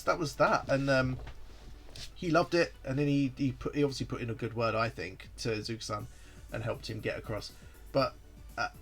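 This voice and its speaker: A man's voice: mid-range voice, fairly bright tone. A man hosting a livestream, telling a story in a casual, rambling way with lots of fillers and restarts. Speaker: site founder hosting a livestream.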